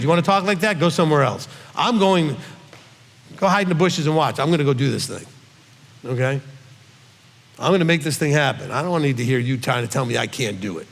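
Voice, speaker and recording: A man's voice: a little high, animated, fast talker, creaky. Emphatic middle-aged man teaching in a reverberant hall. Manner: emphatic, with frequent "okay?" check-ins. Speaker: rabbi teacher.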